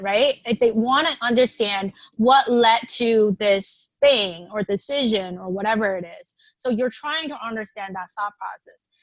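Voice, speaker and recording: A woman's voice: a little high, fairly bright tone, no echo. Woman presenter, dry close sound. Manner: reads participants' suggestions aloud and affirms them; conversational, with frequent fillers and restarts. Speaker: workshop presenter. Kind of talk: online workshop teaching.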